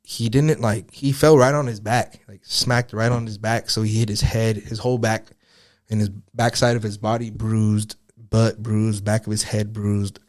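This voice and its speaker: A man's voice: on the low side, level tone, normal speed, darkish tone. A young man, a podcast guest, telling a story in casual, profane, rambling talk full of filler words.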